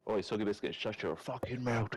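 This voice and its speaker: Deep-voiced man trash-talking friends. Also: brisk, husky, poor audio. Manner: loud, crude, teasing slang-heavy trash talk. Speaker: streamer. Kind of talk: casual banter with friends on voice chat.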